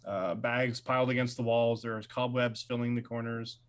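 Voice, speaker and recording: Man, game master, scene-setting narration, fillers, mid pitch. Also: little pitch movement, moderate pace. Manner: descriptive, with fillers. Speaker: dungeon master. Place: at home on a live stream.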